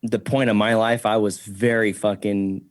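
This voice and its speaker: A man, a podcast guest, telling a work story in a profane, animated way, a bit tipsy. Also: on the low side, normal speed, dry recording. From Bakersfield, California. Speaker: guest, delivery driver.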